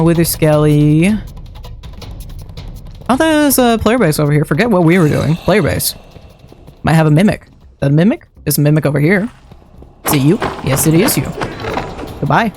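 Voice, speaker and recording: A man's voice: a little high, darkish tone. A man livestreaming a game, chatting and muttering his thoughts aloud as he plays. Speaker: streamer. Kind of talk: live game-stream commentary. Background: faint background music.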